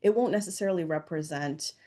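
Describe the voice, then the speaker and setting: A woman's voice: fairly low pitch, quick pace, dark tone. A woman in her thirties, a podcast guest, chatting casually with many fillers. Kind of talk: casual chat.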